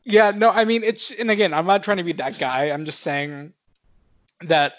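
A man's voice: high-pitched, steady tone, moderate pace, a bit bright. A young man co-hosting a casual movie podcast, rambling with lots of fillers and laughing often. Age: young adult. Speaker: podcast co-host. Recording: muffled lo-fi audio.

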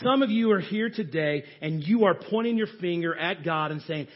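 A man with a high, husky voice delivers a sermon. He drops to near-hushed tones, then climbs to shouting. The recording is dull and lo-fi. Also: normal speed, few pauses. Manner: preaching with sudden swings from hushed to shouting. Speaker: pastor.

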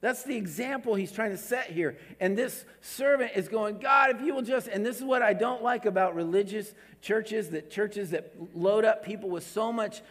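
A man preaching a sermon as a pastor, emphatic, repeating words and swinging between raised and hushed delivery. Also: sits high, moderate pace, few pauses, in a large hall.

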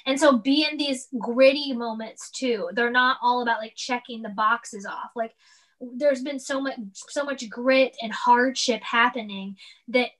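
A woman in her thirties in casual chat as a mother, talking in a rambling, animated way with many restarts. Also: a little high, a little slow. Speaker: guest, mother.

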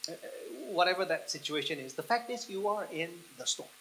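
Bright-toned man preaching a sermon. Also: sits high, slight background noise, poor audio. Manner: guided imagery, slow and soft with long pauses, building to excited. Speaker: pastor.

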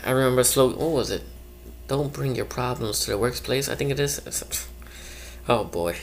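A man's voice: mid-range voice, fairly bright tone. Rambling man with faint room hum. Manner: chatty, acts out quoted coworkers, laughs at own stories. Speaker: one-man show host. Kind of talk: rambling comic monologue about work life.

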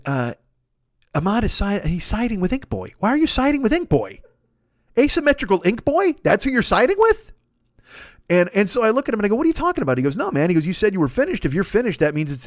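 A man with a high voice spins a long comic rant packed with swearing. His pitch leaps around as he does the voices of everyone in the tale. The sound is dry and close, with no room around it. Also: no echo. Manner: profane, animated, acts out voices in his stories. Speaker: podcast host. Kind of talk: comic storytelling monologue.

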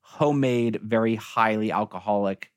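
A man's voice: lowish voice, normal speed, dry recording, clean studio sound. A man co-hosting a podcast, rambling in casual movie chat with lots of "like" fillers. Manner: rambling, animated, many fillers. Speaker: podcast co-host.

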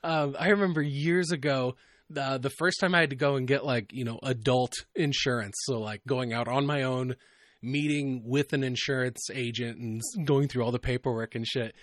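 A man's voice: medium pitch, steady tone, normal speed, no room sound, studio quality. A man hosting a podcast, chatting in a loose way, laughing often and using plenty of fillers. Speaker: podcast host. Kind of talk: casual podcast chat.

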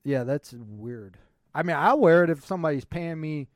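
A man's voice: on the high side, lively intonation, normal speed, no echo, clean studio sound. A man co-hosting a comedy podcast, riffing with lots of swearing and jokes. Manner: profane, joking riffs. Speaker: podcast co-host. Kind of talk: casual comedy podcast chat.

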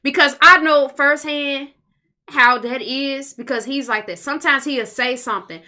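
Brief: female podcast co-host, high bright voice, easygoing and laughs easily. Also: moderate pace. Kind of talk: casual chat.

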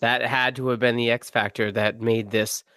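Male guest analyst, mid pitch, dry close mic, measured and deadpan. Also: clean tone, dry recording. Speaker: guest podcast host. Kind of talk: sports analysis in podcast chat.

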